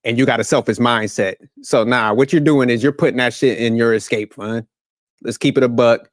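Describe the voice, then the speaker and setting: A man delivers a heated, blunt reaction rant full of slang and swearing. His voice sits at an ordinary male pitch and is recorded dry with no room sound. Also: steady tone, fairly quick, no room sound. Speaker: commentary channel host.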